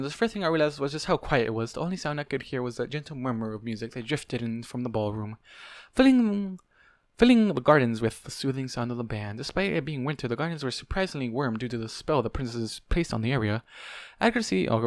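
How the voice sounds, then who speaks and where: A man's voice: mid-range voice, dry recording, studio quality. A man casually reading a fanfic aloud, often stumbling and correcting himself as he goes. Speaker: fanfic reader.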